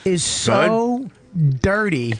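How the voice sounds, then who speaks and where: A man co-hosting a radio show, telling a story excitedly, stammering and bursting into shouts. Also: sits high, extremely slow. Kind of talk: casual radio banter.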